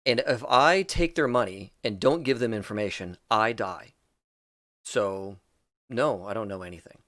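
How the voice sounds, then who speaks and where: A man putting on a jittery male informant in a tabletop game, hesitant and stammering as he refuses to talk. The voice sits low and sounds dry and close. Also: unhurried, fairly bright tone, dry recording. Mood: scared, evasive. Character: nervous male street informant facing armed crew.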